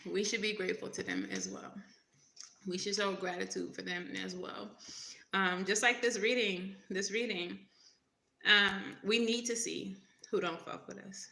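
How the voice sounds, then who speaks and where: Gravelly, bright-voiced woman tarot reader. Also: medium pitch, expressive, a little slow, reverberant. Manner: emphatic, repeats points, laughs often. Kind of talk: casual livestream talk.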